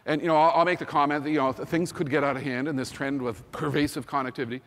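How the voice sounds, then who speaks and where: A man in his fifties gives an energetic, emphatic keynote talk, his fairly high voice ringing with a long hall reverb. He hammers his points home through repetition. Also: fast talker. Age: 50s. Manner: energetic, emphatic, repeats "think about" and "you know". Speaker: keynote speaker.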